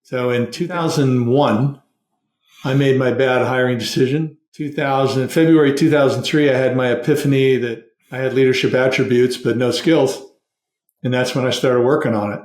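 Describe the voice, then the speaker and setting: A man's voice: mid-range voice, steady tone, moderate pace, darkish tone, reverberant. A middle-aged man, a guest on a podcast, talking earnestly and steadily about hiring as a process. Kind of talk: conversational interview.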